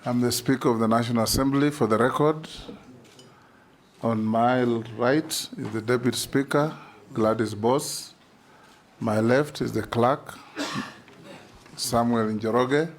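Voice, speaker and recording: Slow, measured man chairing a hearing. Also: medium pitch. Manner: measured, deliberate, officious. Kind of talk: formal procedural chairing. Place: parliamentary committee hearing room.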